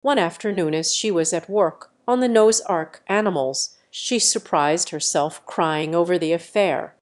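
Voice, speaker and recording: A woman reading a classic novel aloud as an audiobook narrator, even and measured. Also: fairly low pitch. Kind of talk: scripted narration.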